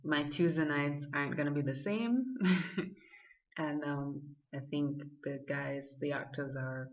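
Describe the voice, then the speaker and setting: A woman's voice: deep voice, steady tone, unhurried. Casual woman vlogger, chatty and filler-heavy, dull lo-fi recording. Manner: chatty, lots of fillers and acted-out quotes. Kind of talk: casual chat. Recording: dull lo-fi sound.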